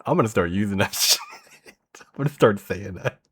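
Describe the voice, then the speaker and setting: A man's voice: fairly low pitch, lively intonation, fairly quick, fairly bright tone, husky. A man streaming, chatting casually with his viewers in a laid-back way, swearing freely. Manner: laid-back, swears a lot, addresses chat directly. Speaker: streamer reacting to a video.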